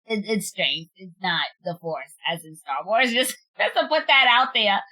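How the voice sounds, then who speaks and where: A woman streamer chats casually while unboxing, laughing at herself as she tries out French words. Her medium-pitched voice is sing-song, pushed and bright at a moderate pace, and she's giggly and self-deprecating, drawling out the French.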